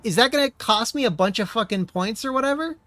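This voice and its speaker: A man's voice: extremely high pitch, animated, fast talker, dry recording. Swearing, exasperated man streaming a racing game. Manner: profane, exasperated ranting with sudden yelled outbursts. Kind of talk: live gameplay commentary.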